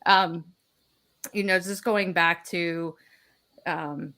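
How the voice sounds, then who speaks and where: A woman's voice: fairly low pitch, fairly even intonation, drawn-out words, pushed and bright. A woman speaking as a guest on a live online panel, thoughtful and laughing at her own slips.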